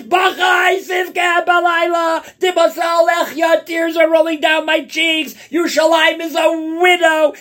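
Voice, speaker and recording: A man giving a Torah lecture, dramatic and full of rhetorical questions, dropping to a hush and then rising to shouts for emphasis. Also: high voice. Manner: explains wordplay step by step, asks rhetorical questions. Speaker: Torah teacher. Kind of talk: Tisha B'Av lecture.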